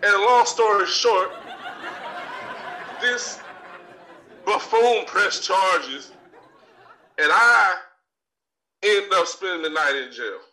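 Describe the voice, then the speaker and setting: A man doing a swaggering, foul-mouthed talk-show braggart who rants in a high voice and drawls his words out slowly. His ranting is caught from far off on a theater stage. A noisy crowd and a loud background hum sit under it. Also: full character voice. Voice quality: profane, swaggering delivery. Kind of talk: live comedic stage rant. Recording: distant live recording with crowd noise.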